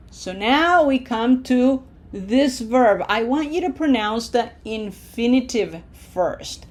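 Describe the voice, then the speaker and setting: A woman teaching a language lesson, checking in with her students and slowly modeling each pronunciation for them to repeat. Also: a little high, lively intonation. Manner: slow, deliberate modeling of pronunciation with encouraging checks. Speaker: Spanish teacher.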